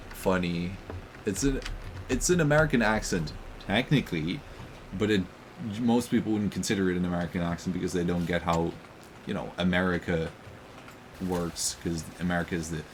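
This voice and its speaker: A man rambles through a relaxed gameplay chat, joking and circling back with lots of ums. His voice sits somewhat low, with a light hiss behind it. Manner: rambling, joking, full of fillers. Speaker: co-host gaming commentator.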